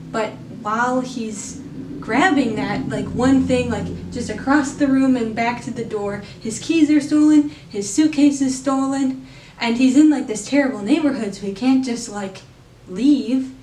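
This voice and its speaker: A woman's voice: on the high side, darkish tone, roomy sound, distant mic, slight background noise. A woman giving a casual spoken film review, chatty and full of fillers, laughing now and then. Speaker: movie reviewer.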